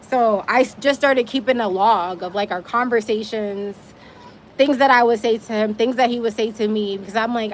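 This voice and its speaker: A woman telling her own story on a casual livestream, animated and emphatic, swearing now and then. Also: a little high, moderate pace, slight background noise.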